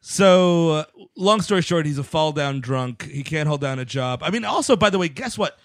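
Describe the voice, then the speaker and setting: A man's voice: on the high side, animated, normal speed, dry recording, studio quality. A man co-hosting a casual film-review podcast, rambling and swearing with laughing asides. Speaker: podcast co-host.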